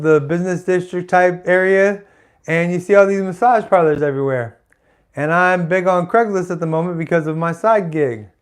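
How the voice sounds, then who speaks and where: A man's voice: sits high, clean tone. A man doing live stand-up comedy, telling a rambling story full of restarts and asides. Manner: rambling, self-interrupting, chatty asides.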